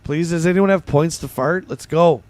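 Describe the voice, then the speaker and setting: A man hosting a livestream in casual chat, his voice hoarse and gravelly, bantering excitably with his viewers. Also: a little high, moderate pace, no echo. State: hoarse, voice going. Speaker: livestream host.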